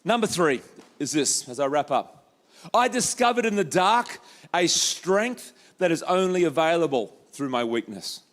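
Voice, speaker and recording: High-voiced pastor preaching. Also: male voice, unhurried. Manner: animated, acts out quoted voices, jokey asides. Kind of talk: sermon. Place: church hall.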